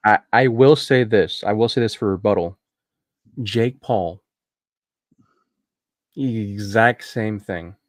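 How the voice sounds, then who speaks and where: A man's voice: lowish voice, slow, long pauses, no room sound, clean studio sound. A man co-hosting a podcast, talking casually and checking in with "right?" as he goes. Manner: casual, peppers talk with "right?" and "like". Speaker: podcast co-host. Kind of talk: casual chat.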